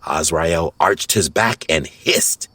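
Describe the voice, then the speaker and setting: A man narrating an audiobook fairy tale in a measured storytelling voice. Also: sits low, slightly rough, no echo. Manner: slow, lively storytelling.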